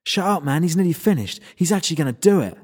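A man voicing an arrogant, excitable young human man who dabbles in the occult, loud and drawling. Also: on the high side, fast talker, husky, long reverb tail, voice pushed up. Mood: dismissive. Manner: shouty, drawling, says "man" a lot.

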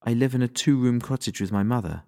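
A man's voice: mid-range voice, quick pace, warm tone, pitched above the performer's own voice, lightly acted. A man voicing a grim young woman fighter who speaks bluntly and formally. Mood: stern. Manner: formal and blunt, without contractions.

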